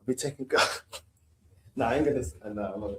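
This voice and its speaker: Husky laid-back man telling stories. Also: medium pitch, fast talker, a bit bright, poor audio. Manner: laid-back storytelling, London slang. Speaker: channel host. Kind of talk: casual chat on a live stream.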